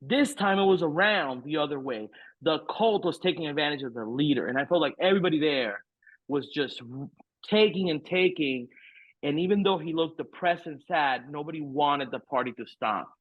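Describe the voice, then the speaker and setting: Lively intonation and a moderate pace mark this middle-aged man's voice, which sits on the high side. As a podcast guest he rambles candidly through a story, swearing a lot and stacking fillers, frank and profane throughout. The recording is dry, echo-free and tinny, like a phone.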